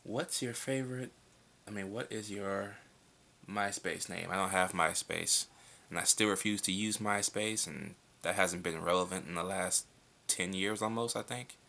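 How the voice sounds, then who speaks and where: A man's voice: low-pitched, normal speed, vocal fry, pushed and bright. A young man answering viewer questions in a casual vlog at home at night. He is laid-back and blunt, and he swears freely.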